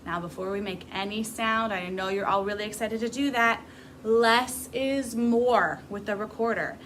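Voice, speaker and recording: A woman's voice: medium pitch, normal speed, a bit bright, a little hiss or hum, low-quality recording. A grown woman teaching a beginner music class to camera, patient and encouraging as she demonstrates. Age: adult.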